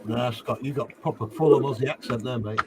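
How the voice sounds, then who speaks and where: A man hosting a casual livestream chat, teasing his guests and quick to laugh. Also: mid-range voice. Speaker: livestream host. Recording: noisy call audio.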